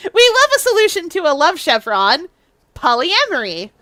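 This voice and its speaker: A woman's voice: very high voice, huge pitch swings, measured pace, pushed and bright, dry recording, studio quality. A young woman streamer chatting and joking with her viewers during a live game stream. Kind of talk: live gaming stream chat.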